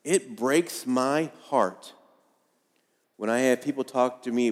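A man's voice: medium pitch, slow pace, pauses often. Folksy pastor in his fifties, echoing hall. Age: 50s. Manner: conversational, folksy storytelling with self-deprecating humor. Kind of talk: sermon. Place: church sanctuary. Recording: long hall reverb.

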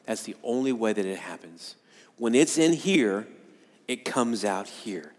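A man's voice: fairly low pitch, animated, unhurried. Man preaching in a reverberant church. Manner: earnest, repetitive, acts out congregants' voices. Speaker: pastor. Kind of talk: sermon. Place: church sanctuary. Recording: long hall reverb.

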